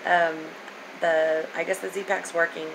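A woman in her forties, a vlogger in casual chat to camera, slightly stuffy from a sinus infection, talking haltingly with many ums and pauses. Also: fairly low pitch. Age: 40s. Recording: steady background noise.

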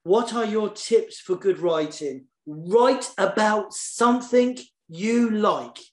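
A children's poet and author, a man with a high-sitting voice, speaks slowly in an echoey room during an online session. He's casual, warm and eager, often repeating words as he searches for them.

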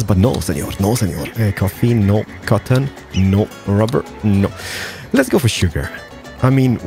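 A man's voice: on the low side, vocal fry, a little mellow. A man hosting a game channel who rambles playfully through casual gameplay commentary and drops mock Spanish words. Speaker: gaming channel host.

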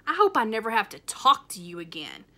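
A woman's voice: on the high side, wildly swooping pitch, a little fast, exaggerated voice. A woman voicing an angry fourth-grade boy who snaps at his little sister. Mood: scornful. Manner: snappish, shouting.

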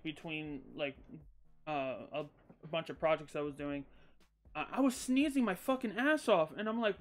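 A man's voice: sits high, a bit bright. A man streaming live and chatting casually with viewers, rambling and swearing freely, a bit loopy after a sneezing fit.

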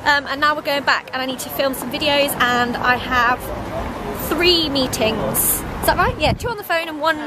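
A woman's voice: high voice, moderate pace, over a noisy crowd. A young woman vlogging in a giggly, chatty way. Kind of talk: casual vlog chat. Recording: noisy handheld vlog audio.

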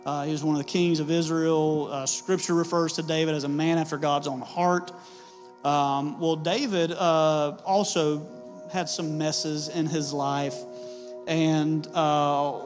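Higher-voiced pastor telling a story. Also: male voice. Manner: casual and storytelling, with plenty of uhs and ums. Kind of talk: sermon with personal story. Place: church sanctuary. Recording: reverberant church hall with soft music.

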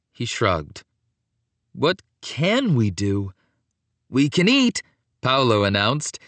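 A man giving an expressive, scripted audiobook narration of a children's story. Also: medium pitch, no echo.

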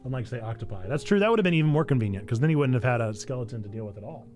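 A man's voice: medium pitch, animated, rapid-fire, a little mellow. A man streaming a game, chatting casually in a jokey, rambling way. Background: faint piano music.

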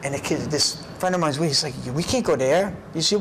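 A man in his fifties, an interview guest, tells animated stories from his life in a fairly high voice. He keeps checking in with a quick "right?", and a faint hum of room noise sits behind him. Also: rough recording. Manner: lively, tags phrases with "right?". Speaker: interview guest, karate teacher. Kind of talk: animated personal storytelling. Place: karate gym.

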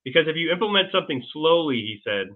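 A man's voice: a little high, very animated. Rambling man over a tinny line. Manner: rambling, halting, many restarts and fillers. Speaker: guest. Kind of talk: casual interview storytelling.

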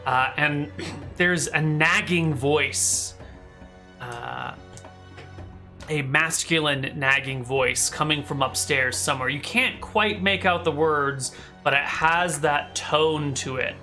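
A man's voice: a little high, slow, sharp tone, faint music behind. A man narrating a tabletop game as game master, describing scenes casually with many fillers.

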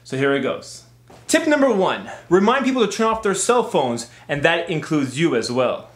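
A man's voice: a little high, sing-song, moderate pace, reverberant. A man hosting a comedic sketch vlog who presents numbered tips in an upbeat way.

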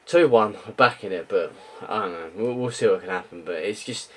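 Faint background music accompanies a young man ranting about his gameplay for a gaming video, swearing and going over the same points again. His pitch is fairly low and his pace fairly quick.

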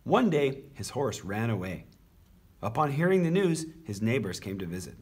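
A man reads a children's picture book aloud in an expressive, animated storytelling voice. His tone is slightly husky and his pitch rises and falls freely. He sounds like a teacher sharing a story. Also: moderate pace.

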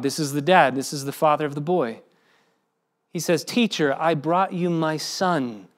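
A man preaching a sermon as pastor, acting out the voices of the people he quotes. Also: high voice. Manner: expressive preaching, acts out quoted speech.

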